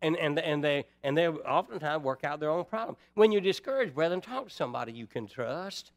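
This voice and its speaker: A man's voice: fairly high pitch, expressive, fairly quick. A man preaching a sermon in a folksy way, putting rhetorical questions to the congregation.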